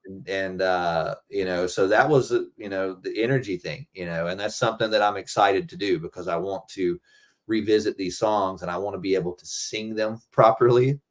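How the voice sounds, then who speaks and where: A man's voice: low voice, moderate pace. A middle-aged man talking loosely and rambling, swearing freely, as a guest musician in a casual interview.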